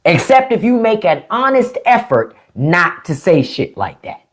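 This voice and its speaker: Woman, DC-area accent, middle-aged, fairly low voice, very lively pitch, profane live-stream host. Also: measured pace. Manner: blunt, profane, animated. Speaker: podcast host. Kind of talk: casual live-stream chat. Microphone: phone or desk mic on a live stream.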